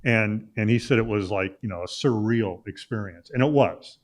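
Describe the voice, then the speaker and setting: A middle-aged man from Illinois, a sports journalist appearing as a guest, tells a long anecdote in a relaxed, casual way. His voice sits on the low side, and he fills his pauses with "uh" and stumbles into restarts as he goes. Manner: rambling anecdote with many "uh" fillers and restarts. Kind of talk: casual storytelling in a talk interview.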